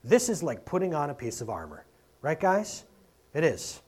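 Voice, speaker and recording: A man preaching a conversational sermon, asking rhetorical questions and swinging between loud and quiet. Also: a little high, huge pitch swings, moderate pace, breathy edge. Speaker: pastor.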